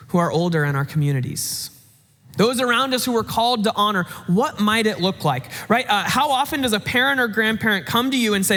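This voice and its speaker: A man's voice: high-pitched, pushed and bright. A young man in his twenties giving a casual, conversational sermon, with frequent fillers like "uh" and "like". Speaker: pastor. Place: church sanctuary. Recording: long church hall reverb.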